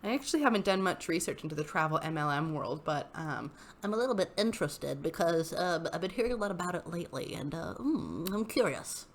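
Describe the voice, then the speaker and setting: A woman giving casual, comedic commentary on Reddit posts, exasperated and animated and laughing often. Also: lowish voice, a little fast. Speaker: YouTuber reading and reacting to Reddit posts.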